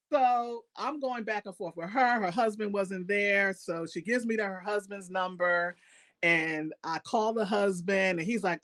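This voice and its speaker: A woman chef as an interview guest, telling stories in a lively, animated way and laughing often. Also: mid-range voice, unhurried. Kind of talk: casual interview storytelling.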